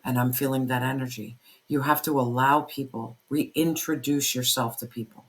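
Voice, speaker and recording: An intense tarot reader talks straight to the listener in a fiery pep-talk, hammering points home with repeated phrases and plenty of swearing. The pitch sits in a middle range, neither high nor low. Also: fairly even intonation, normal speed. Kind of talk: spoken tarot reading to camera.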